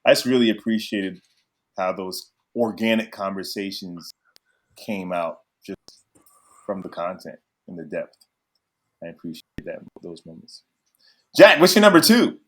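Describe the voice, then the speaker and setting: A man's voice: deep voice, very animated, a little slow, pauses often, a bit bright. A man co-hosting a podcast in casual chat, reflective and steering the conversation. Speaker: podcast co-host.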